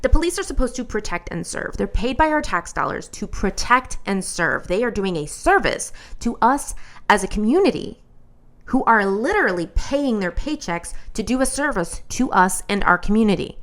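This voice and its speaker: A woman host telling a personal story as commentary, in an animated, blunt and exasperated way. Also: medium pitch, moderate pace.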